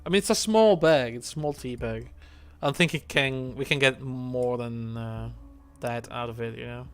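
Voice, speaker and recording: A man's voice: mid-range voice, moderate pace, few pauses, clean tone, faint music behind. A man streaming a game, chatting casually, thinking aloud and swearing now and then. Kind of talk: casual gameplay commentary.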